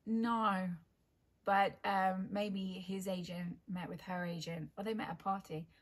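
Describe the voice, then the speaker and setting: Blunt breathy English woman. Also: medium pitch, little pitch movement, a little slow. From England. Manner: blunt, teasing, opinionated. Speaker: podcast co-host. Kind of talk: casual chat.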